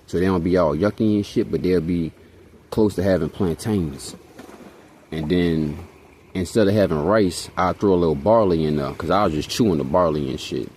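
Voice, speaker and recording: In a laid-back vlog, this young Hawaiian man spins meandering stories full of slang and profanity, repeatedly asking "you know what I'm saying." He speaks at a normal speed in a low-pitched, darkish voice over slight background noise.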